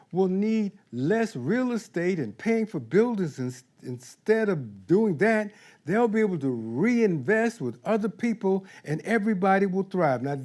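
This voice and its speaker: Male minister, high lively voice, slow, unhurried sermon delivery. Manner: slow, animated, acts out little scenes.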